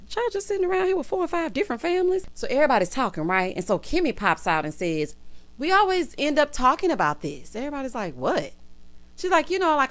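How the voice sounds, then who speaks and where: A woman giving sassy, gossipy casual commentary as she recaps a reality show, laughing loudly. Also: on the high side.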